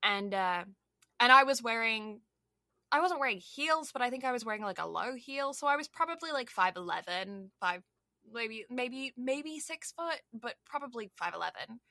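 A woman's voice: a little high, animated, normal speed, sharp tone, no room sound, studio quality. A young Canadian woman co-hosting a podcast, chatting casually and rambling with lots of "like" and "um". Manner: rambling, heavy on "like" and "um". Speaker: podcast co-host. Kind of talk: casual chat.

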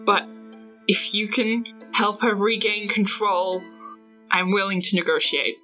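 A woman's voice: medium pitch, fairly even intonation, unhurried, bright, forceful tone, soft background music, low-quality recording. A woman voicing a defiant young woman near tears, pleading yet firm.

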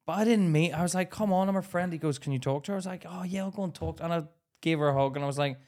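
A man co-hosting a podcast, telling an animated story in casual chat, acting out what people said and laughing often. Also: fairly high pitch, very fast. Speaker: podcast co-host.

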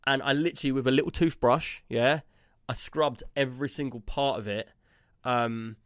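A man's voice: medium pitch, fairly even intonation, normal speed, dry recording, clean studio sound. A man, a podcast co-host telling a rambling story in casual chat, tagging his lines with "yeah?" and "like".

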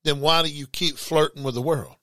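A man's voice: on the high side, steady tone, fairly quick, pushed and bright, no room sound. A man preaching a sermon, emphatic and repetitive, reading scripture aloud. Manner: emphatic, repeats words, reads scripture aloud.

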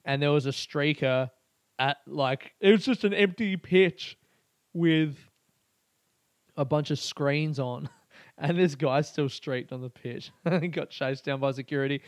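Sweary Australian man, excitable podcast rant. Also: a little high, measured pace, no room sound, studio quality. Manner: excitable, sweary, laughs often. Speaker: podcast host.

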